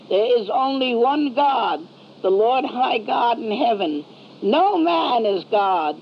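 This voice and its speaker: A woman speaking as a solemn heavenly mother, slow and measured, with a gravelly low edge. The recording is dull and lo-fi, with a faint hiss underneath.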